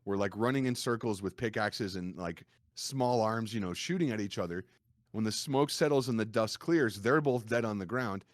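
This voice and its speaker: A man with a distinctive deep voice, a guest streamer telling stories in a casual podcast chat. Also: normal speed, no echo, clean studio sound. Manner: storytelling, animated retelling.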